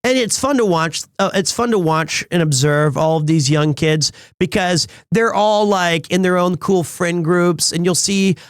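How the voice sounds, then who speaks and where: A man's voice: high-pitched, measured pace, few pauses, smooth, no echo, studio quality. A man telling a rambling story in a casual live-stream chat. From United States. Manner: rambling storyteller with frequent restarts.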